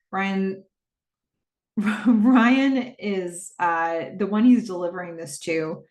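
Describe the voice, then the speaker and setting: A woman's voice: mid-range voice, slow, roomy sound. Chatty woman recapping a TV episode. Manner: chatty, animated retelling with many fillers. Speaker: podcast host. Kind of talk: casual TV rewatch recap.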